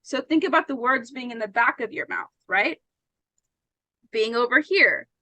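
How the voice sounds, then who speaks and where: A woman's voice: fairly high pitch, normal speed, pushed and bright, no echo, low-quality recording. A woman teaching an English pronunciation lesson, patient and often checking that her students understand.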